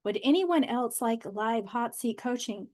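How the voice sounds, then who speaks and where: A woman's voice: fairly high pitch, expressive, measured pace, dark tone. A woman coach chatting casually on a live stream from her home office, bubbly and loose, with lots of "like" fillers. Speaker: manifestation coach.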